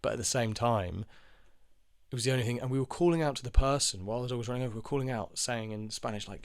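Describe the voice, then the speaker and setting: In this casual monologue, a young man who runs a channel about his own life talks fast in a mid-range voice, rambling frankly through a personal story. His speech is full of fillers, restarts and profanity, and there is no room sound at all.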